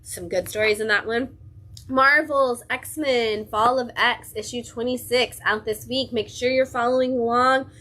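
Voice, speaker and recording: A woman's voice: on the high side, fairly even intonation, measured pace, sharp tone. A young adult woman hosting a comic shop livestream, casually gushing over new releases with lots of fillers. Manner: enthusiastic, gushing, chatty with many fillers.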